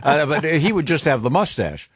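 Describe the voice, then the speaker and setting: A man's voice: a little high, big pitch swings, normal speed, a little hiss or hum. A man hosting a radio show, interviewing a guest in a chatty way with frequent restarts. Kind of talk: interview chat.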